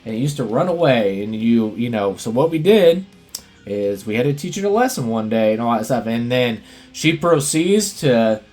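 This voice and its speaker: A man's voice: medium pitch, animated, normal speed, darkish tone, faint music behind. A man hosting a casual movie podcast, retelling scenes in a rambling way full of fillers and laughs. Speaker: podcast host.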